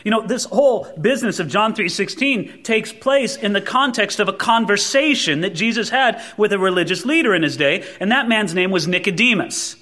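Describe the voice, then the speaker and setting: A male preacher with a high voice that leaps and swoops through a very wide range. He preaches with heavy emphasis, pulling back to hushed asides before pressing hard on the words that matter. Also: animated, moderate pace, few pauses. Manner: emphatic, swinging between loud stresses and soft asides; acts out quoted voices. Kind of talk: sermon.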